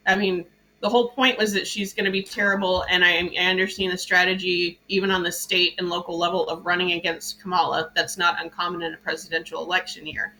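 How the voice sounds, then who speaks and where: Bright-voiced woman hosting a talk show. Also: on the low side, fast, rough recording. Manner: animated, chatty, laughs at her own jokes. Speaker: podcast host. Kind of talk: casual political chat.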